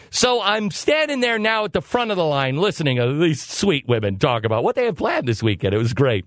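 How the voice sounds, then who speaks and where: Animated sarcastic man telling a story. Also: on the high side, fairly quick, few pauses, dry recording, studio quality. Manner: sarcastic, exasperated. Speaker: talk show host. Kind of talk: comedic storytelling monologue.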